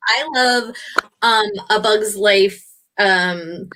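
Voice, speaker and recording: A woman guest in a casual chat, excitable and animated. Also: extremely slow, a little hiss or hum, poor audio. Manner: excitable, animated, squeals up high.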